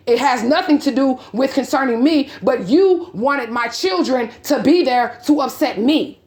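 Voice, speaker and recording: Reading messages aloud and recounting a story, this woman in her forties is heated and blunt, swearing and asking the same rhetorical questions again and again. Her high voice keeps a moderate pace with hardly any pauses, in a reverberant space.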